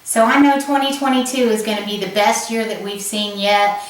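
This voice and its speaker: A woman's voice: medium pitch, brisk. A woman with a Southern US accent hosting a casual cooking vlog in her home kitchen, chatty and laughing at her own slip-ups. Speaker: cooking channel host. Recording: echoey kitchen, camera mic from a distance, background noise.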